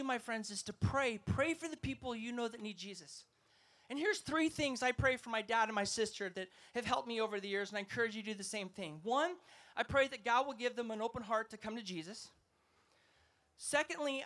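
Energetic high-voiced male preacher. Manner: energetic, emphatic, asks the crowd to respond. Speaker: evangelist speaker. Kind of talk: festival sermon.

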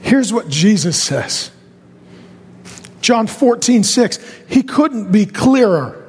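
A man preaching a fervent sermon as a pastor, building from steady talk to loud, pleading shouts. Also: high voice, slow, slightly rough, big-room sound.

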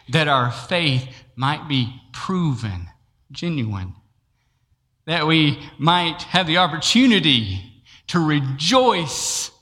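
A man preaching a sermon, telling a personal story and acting out each exchange with frequent laughter. His voice is bright and forceful. It rings through a large hall with a long echo. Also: a little high, big pitch swings, extremely slow. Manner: storytelling, acts out dialogue, laughs often.

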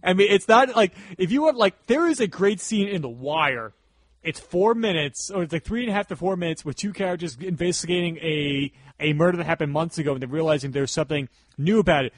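A man's voice: fairly high pitch, animated, brisk, no echo. A man co-hosting a podcast, chatting casually about movies in a rambling way full of "like" and restarts. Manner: rambling, lots of "like" fillers and restarts. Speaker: podcast co-host. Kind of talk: casual movie review chat.

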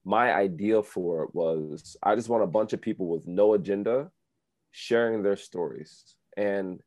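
A man from New Jersey talks in a low, mellow voice, telling stories easily and dropping plenty of "like" as he goes. The sound is close and dry. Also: unhurried, dry recording. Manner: relaxed, storytelling, many "like" fillers. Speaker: guest, speaker and coach. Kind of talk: radio interview chat.

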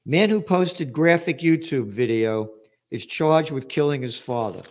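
A man's voice: fairly high pitch, lively intonation, measured pace, a little hiss or hum. Combative older New man ranting. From the Bronx, New York. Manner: profane, combative, shouting rants. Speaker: host of a trends news show. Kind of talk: opinionated news commentary.

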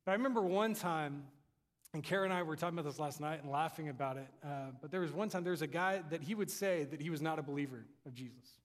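A man's voice: on the high side, fast talker. A young adult man preaching a sermon in a conversational, storytelling way. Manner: conversational, animated storytelling with laughs. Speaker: pastor. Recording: long reverb of a hall.

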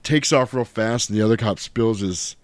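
A man casually recapping a movie in chat, animated and swearing, mimicking the characters' lines in high silly voices. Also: normal speed, dry recording. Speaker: podcast host recapping a film.

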